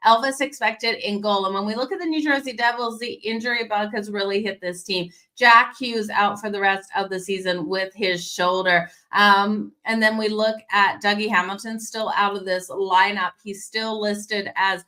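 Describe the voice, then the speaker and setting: A woman hosts a daily hockey betting show with a bright, forward voice that has a slight hoarse edge. She talks straight to viewers with an energetic, conversational delivery. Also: medium pitch, moderate pace, hardly any pauses. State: hoarse, losing her voice. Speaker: sports betting show host.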